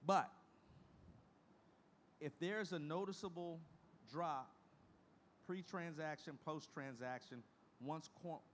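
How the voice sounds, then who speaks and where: A man's voice: on the high side, slow, pauses often, slight background noise. A middle-aged man giving a conference presentation in a folksy, emphatic way, repeating key phrases for emphasis. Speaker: conference speaker.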